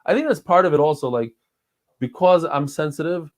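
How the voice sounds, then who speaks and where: A man's voice: a little high, brisk. A man in his forties, a podcast guest, telling stories in a rambling, heartfelt way with frequent restarts. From New York and Israel. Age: 40s. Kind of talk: casual conversation.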